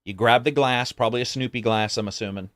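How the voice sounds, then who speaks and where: A man co-hosting a casual podcast, telling stories in an animated, profane way. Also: medium pitch, fast. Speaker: podcast co-host. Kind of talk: casual chat.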